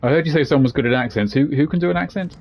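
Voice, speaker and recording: A game streamer with a somewhat high, slightly mellow voice talks very fast, tossing out casual, jokey let's-play commentary and rambling between asides. There's a faint hiss or hum in the recording.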